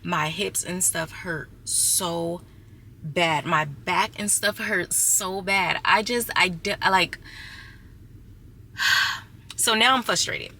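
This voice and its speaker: A woman's voice: fairly low pitch, slow pace, long pauses, bright, forceful tone, slight background noise. A young adult woman vlogging casually to her viewers, chatty and exasperated as she talks to them as y'all. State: six months pregnant. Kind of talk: casual storytelling vlog.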